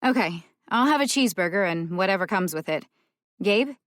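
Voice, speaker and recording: A brash young woman with a sarcastic, teasing edge, pitched a touch higher and louder than the surrounding reading, as a female audiobook narrator puts her on. The sound is close and dry. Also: expressive, a little fast, no echo, lightly acted. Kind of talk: audiobook character voice.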